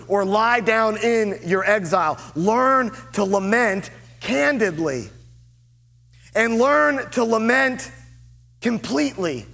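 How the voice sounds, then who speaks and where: A man preaching a sermon as lead pastor, earnest and deliberate, with dramatic pauses. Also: high-pitched, fairly bright tone, in a large hall. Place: church sanctuary.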